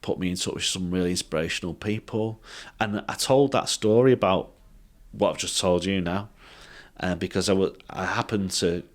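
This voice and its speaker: A man telling a personal story as a podcast guest, halting and full of fillers and restarts. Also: deep voice. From England.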